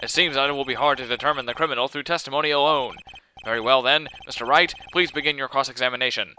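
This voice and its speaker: A man's voice: mid-range voice, fast, pushed and bright, a little hiss or hum. A man voicing a formal older male judge announcing court proceedings.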